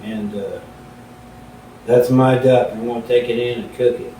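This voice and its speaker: A man's voice: fairly even intonation, moderate pace, dark tone, lightly acted. A man voicing a huge, stubborn old country farmer who talks bluntly in a folksy drawl, heard from a distance in a roomy space. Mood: gruff. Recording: roomy and distant, faint rumble.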